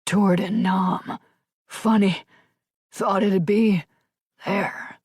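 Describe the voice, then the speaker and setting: A woman narrator voicing a wounded older male janitor who gasps out broken, halting phrases in an audiobook. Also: high-pitched, gravelly, breathy edge, no echo, clean studio sound, pitched above the performer's own voice, exaggerated voice. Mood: weak, gasping. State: gasping, barely conscious. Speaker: audiobook character.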